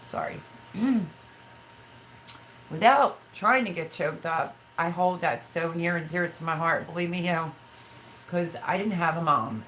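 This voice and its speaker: A woman in her fifties chats through a live stream, reading out viewer comments and drifting into emotional personal stories. Her voice sits a little on the low side. A faint hiss of background noise runs under the recording. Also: fairly bright tone, low-quality recording. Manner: chatty, emotional storytelling, reads viewer comments aloud. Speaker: livestream host. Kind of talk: casual livestream chat with viewers.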